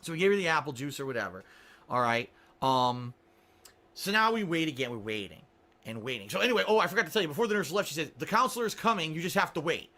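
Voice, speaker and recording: A man's voice: fairly high pitch, big pitch swings, fast talker, pushed and bright. A man hosting a radio show, telling a story in a sarcastic, exasperated way, cursing freely and firing rhetorical questions at listeners. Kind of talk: casual storytelling. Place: small studio.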